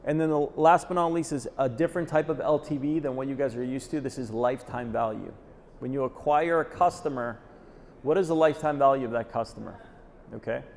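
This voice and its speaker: A man's voice: medium pitch, fairly quick, gravelly, darkish tone. A man giving a live conference talk, punchy and direct, often checking in with "okay?" after a point. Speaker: conference presenter. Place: conference hall. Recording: reverberant hall, faint noise.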